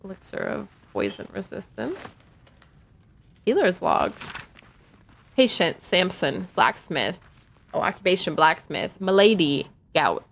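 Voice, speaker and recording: A woman's voice: mid-range voice, animated, measured pace, creaky, pauses often, a bit bright. A woman streaming a game, chatting casually and reading in-game notes aloud. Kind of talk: casual gameplay commentary.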